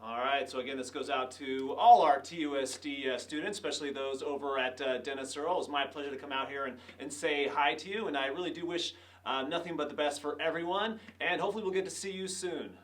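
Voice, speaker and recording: A man's voice: a little high, fairly even intonation, a bit bright, far from the mic. Man speaking a bit away from the mic. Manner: slightly halting, with uh fillers. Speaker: school official greeting students. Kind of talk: reading aloud then short greeting. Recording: voice set back from the mic.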